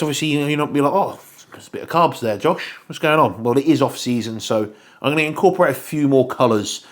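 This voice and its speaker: Young guy rambling on about his food, chatty, swears a bit. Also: mid-range voice. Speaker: fitness vlogger. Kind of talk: casual chat to camera.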